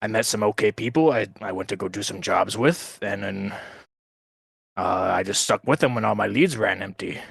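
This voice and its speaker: Young male orc voiced by a player, halting, gravelly, lowish voice, dry sound. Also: fairly bright tone, dry recording, exaggerated voice. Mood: earnest. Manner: halting, repeats words, plain speech. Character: young male orc wanderer telling his past. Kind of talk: in-character backstory in a tabletop game.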